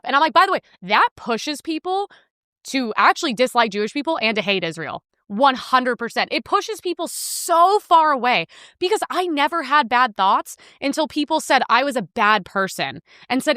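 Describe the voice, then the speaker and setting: A woman hosting a podcast, ranting in heated, fast commentary and clipping her swear words short, with a sore throat. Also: sits high, expressive, sharp tone, no room sound, clean studio sound. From United States. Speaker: podcast host.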